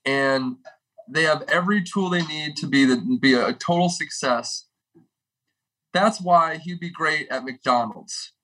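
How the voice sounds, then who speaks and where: Young male podcast regular, comic rant, bright tense tone. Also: on the high side, unhurried, poor audio. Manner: animated, exaggerated comedic delivery with swearing. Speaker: podcast regular with a comedic food segment.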